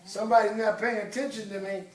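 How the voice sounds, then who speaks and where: Leading a classroom lesson, a man with a high-sitting voice speaks fast in a level tone, commandingly running his students through call-and-response drills. The room is echoey and he sounds distant.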